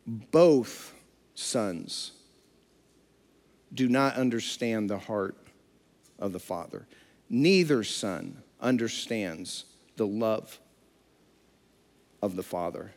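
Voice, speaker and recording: A man's voice: on the low side, lively intonation, very slow, pauses often. A man preaching a sermon who acts out the characters of the story he tells. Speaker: pastor. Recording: long hall reverb.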